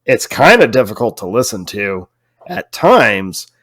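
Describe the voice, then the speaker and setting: A man's voice: on the low side, big pitch swings, unhurried, a bit bright, no room sound, clean studio sound. A man co-hosting a podcast in casual chat, teasing his co-host and speaking earnestly about what matters to him. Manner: teasing, then earnest and reflective.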